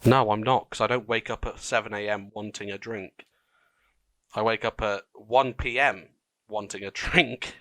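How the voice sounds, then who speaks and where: Man, 18, low voice, dry sound, casual podcast chat, swears a lot. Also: fairly even intonation, normal speed, a bit bright, dry recording. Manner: swears often, laughs at himself. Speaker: podcast co-host.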